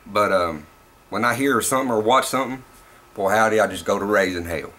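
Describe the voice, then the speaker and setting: A man's voice: on the low side, fairly quick, bright, forceful tone. Profane rambling Southern man vlogger. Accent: Southern US, Tennessee. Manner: rambling and profane, laughs at himself. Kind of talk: casual vlog rant.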